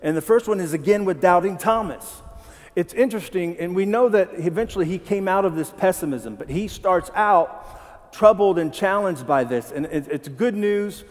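Preaching in a church sanctuary, a male pastor with a high-sitting voice speaks at a moderate pace, his sound filling a large hall. His sermon is conversational, and he often poses questions to the congregation.

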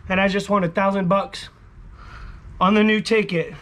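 Speaking in a high, level voice at a normal pace, a man vlogs about scratching lottery tickets, chatting casually with viewers and yelling his catchphrases. Shouting has left him hoarse, and he's close to a camera resting on a table indoors.

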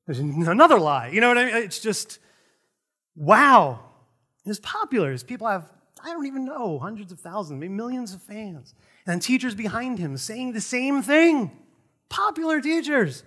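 A middle-aged male pastor preaching a sermon in a conversational, animated way, with jokey asides to the congregation. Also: sits high, normal speed.

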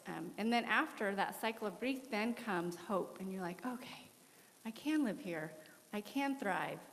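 A woman in her forties giving a candid, animated missionary testimony during a church interview. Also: mid-range voice. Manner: candid, animated storytelling with laughs. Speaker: missionary guest. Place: church worship center. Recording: echoey church hall.

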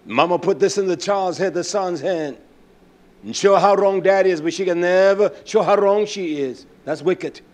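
A man preaching a sermon, emphatic and rising at times to shouts. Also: high-pitched, normal speed.

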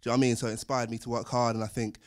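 A man's voice: mid-range voice, flat delivery, very fast. Man, audience member, admiring, fumbling, lots of ums. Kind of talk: comment at a Q&A.

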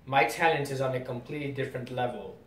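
A man's voice: fast, fairly bright tone, close to an everyday voice. A man reading the lines of a cocky young male ninja student from a comic, plainly. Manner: reads comic dialogue plainly. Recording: roomy distant mic, faint rumble.

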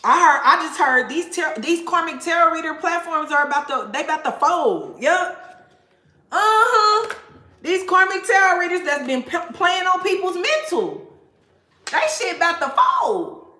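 A woman's voice: very high voice, animated, normal speed, bright, forceful tone, echoey room. A woman tarot reader talking casually to viewers, blunt and profane, laughing often. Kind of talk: casual tarot reading livestream rant.

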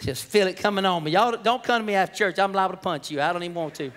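Man, pastor, animated sermon, hollering, tense bright voice, reverberant sanctuary. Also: high voice, racing. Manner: hollering, animated, laughing often. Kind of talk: energetic comedic sermon. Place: church sanctuary. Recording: long hall reverb.

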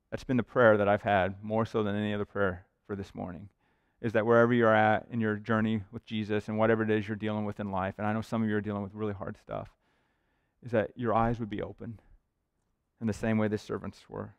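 A man's voice: mid-range voice, lively intonation, a little fast, clean tone, dry recording. A male pastor preaching a sermon in an earnest, conversational way, often checking in with the congregation. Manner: conversational, earnest preaching with frequent "right?" asides. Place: church sanctuary.

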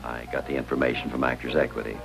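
A deep, gravelly chaplain. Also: male voice, little pitch movement, quick pace, poor audio. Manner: earnest, gentle questioning. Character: calm, persistent male hospital chaplain. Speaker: hospital chaplain. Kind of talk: 1950s TV drama acting. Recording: 1950s TV soundtrack with music underneath.

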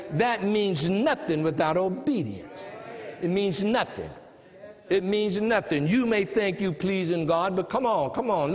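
A man's voice: high-pitched, big-room sound. A man with an American accent preaching a sermon, who stresses key phrases and repeats them as his emphasis builds. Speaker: pastor.

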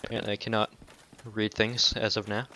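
A man doing casual let's-play commentary, cursing and taunting enemies, dropping to mutters and then breaking into loud outbursts. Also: fairly low pitch, level tone, fairly quick, slight background noise. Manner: profane, talks back to enemies, swings between mutters and outbursts. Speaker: gameplay commentator.

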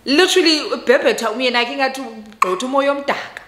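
Young South African woman, Xhosa-inflected accent, animated storytime vlogger; bright, edgy tone, roomy echo. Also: on the high side, fast talker, hardly any pauses. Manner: animated, switching between English and Xhosa. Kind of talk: casual storytime. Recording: echoey room.

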